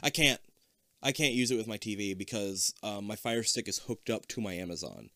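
A young man co-hosting a podcast, chatting casually and reading a kids' book aloud, animated and swearing freely. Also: on the low side, fairly quick, no room sound, studio quality. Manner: animated, swears freely, goes loud when upset.

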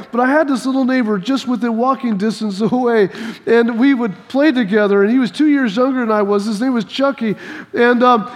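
A male preacher delivers a sermon through lively personal stories, acting out scenes and repeating key phrases for emphasis. His voice sits very high for a man. Long hall reverb trails after each line.

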